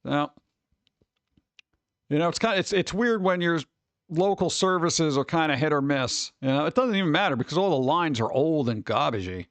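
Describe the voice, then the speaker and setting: A man's voice: on the high side, animated, normal speed, no echo. A man streaming live from his home setup, rambling and joking with exasperation in casual chat.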